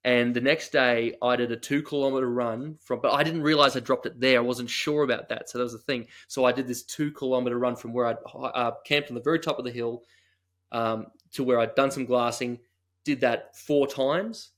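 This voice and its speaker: A man's voice: mid-range voice, fairly even intonation, a little fast, fairly bright tone. An Australian man, a guest on a podcast, telling a long story in a rambling, self-deprecating way. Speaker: guest hunter. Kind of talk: casual storytelling.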